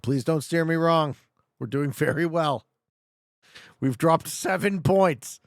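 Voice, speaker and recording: A man's voice: a little high, takes it slowly, gravelly, dry recording, studio quality. A young man streaming a geography guessing game, joking and talking back to his chat. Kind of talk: casual live gameplay commentary.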